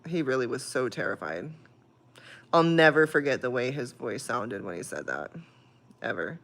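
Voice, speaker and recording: A woman's voice: rumbling low, expressive, normal speed. A woman hosting a livestream in casual chat, swearing freely and laughing often as she tells an emotional story. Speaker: livestream host.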